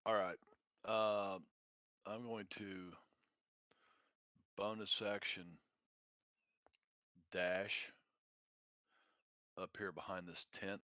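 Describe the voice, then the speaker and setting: A man's voice: deep voice, steady tone, extremely slow, long pauses, sharp tone, dry recording. A man playing a tabletop game, hesitant and thinking aloud. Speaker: player. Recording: dry, slightly muffled online audio.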